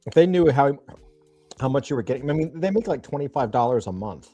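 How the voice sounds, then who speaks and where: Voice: mid-range voice, animated, fairly quick, dark tone, soft background music. A co-host on a casual live stream, trading dry, teasing banter.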